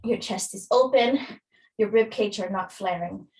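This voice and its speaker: A woman's voice: medium pitch, unhurried, a little mellow, far from the mic, poor audio. A woman fitness instructor, a little out of breath, guiding a workout and counting reps with encouragement.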